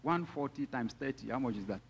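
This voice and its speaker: A man's voice: mid-range voice, lively intonation, brisk, gravelly, a little hiss or hum. A man with a Nigerian accent, preaching a sermon as pastor, mixing teasing asides to the congregation with emphatic teaching.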